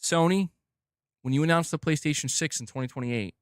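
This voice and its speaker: Man, gaming stream host, casual profane rant, slightly high voice, dry close mic. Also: fairly quick, clear, resonant tone, dry recording. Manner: exasperated, profane, rambling.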